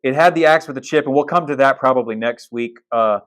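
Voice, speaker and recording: A man's voice: mid-range voice, fairly quick, fairly bright tone. Casual storytelling preacher man. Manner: casual, storytelling, retelling film scenes with restarts; blunt asides. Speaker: pastor. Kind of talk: sermon.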